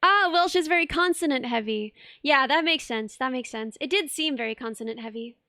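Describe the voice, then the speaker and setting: A woman's voice: high-pitched, brisk, sharp tone, dry recording, studio quality. A young woman streamer in casual live chat, reading viewer messages and rambling with many restarts.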